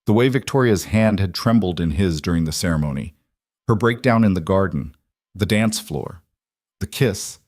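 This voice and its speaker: A man narrates a story in a low, steady voice. His delivery is even and measured. The sound is dry and close to the mic. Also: no echo.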